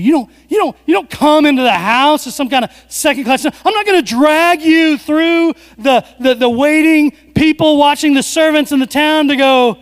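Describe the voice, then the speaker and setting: High-voiced preacher in an echoing hall. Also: male voice, normal speed, few pauses. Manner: animated storytelling preacher, swings from hushed to loud. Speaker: pastor. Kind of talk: sermon.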